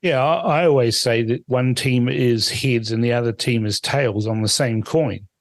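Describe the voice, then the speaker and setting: A man's voice: mid-range voice, normal speed, no room sound. A man hosting a political podcast, blunt and firm, repeating points for emphasis. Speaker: podcast host. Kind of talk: political talk show.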